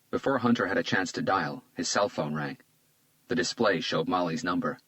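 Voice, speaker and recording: A man narrating a crime thriller audiobook in a measured, tense manner, also speaking the lead detective. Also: low voice, a bit bright, dry recording, low-quality recording.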